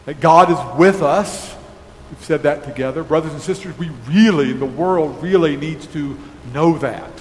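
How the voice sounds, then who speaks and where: A man pastor giving a sermon in a church, preaching slowly and emphatically and closing in prayer. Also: a little high, darkish tone. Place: church sanctuary. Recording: echoey hall with faint noise.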